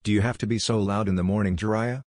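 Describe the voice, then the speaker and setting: A man's voice: fairly low pitch, steady tone, quick pace, darkish tone, no room sound, clean studio sound, natural voice. A man voicing a cocky, teasing young male ninja in a fanfiction reading.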